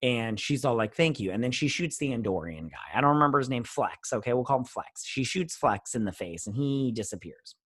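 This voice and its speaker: A man's voice: medium pitch, expressive, fairly quick, hardly any pauses, slightly rough, no room sound, studio quality. A young man hosting a show, casually recapping and reviewing an episode in a rambling, dismissive way. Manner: rambling, dismissive, paraphrases scenes with "he's all like". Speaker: show host.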